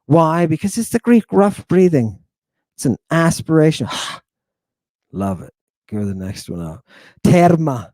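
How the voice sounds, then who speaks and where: Playful, animated male language teacher. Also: on the high side, moderate pace, no echo. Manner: playful, theatrical, drills pronunciations by repeating them. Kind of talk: informal online lesson.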